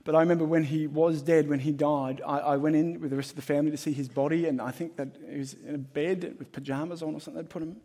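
A man preaching a sermon as pastor, emphatic and shifting between loud and hushed. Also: on the high side. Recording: long hall reverb.

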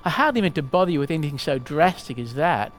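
A man's voice: on the high side, animated, quick pace, close to an everyday voice. A man voicing a male ghost who pleads and protests as he clings to his sin. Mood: evasive.

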